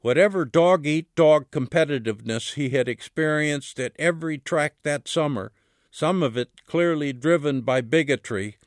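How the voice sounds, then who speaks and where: A man, the author, reading a chapter of his book aloud in a measured way, his voice dropping low on the dialogue tags. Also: dry recording, studio quality.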